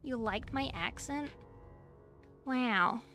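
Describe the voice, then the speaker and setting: A woman's voice: a little high, drawn-out words, sharp tone, faint music behind. A young woman chatting casually on a livestream while painting miniatures, reading and answering her chat from a small room at home. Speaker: streamer.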